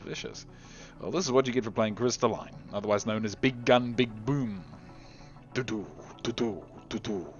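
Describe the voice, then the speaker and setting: A man giving casual gameplay commentary, chatty and giggly, often trailing off into quiet mutters. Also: medium pitch, a little fast, lo-fi sound, faint music behind. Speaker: game video host.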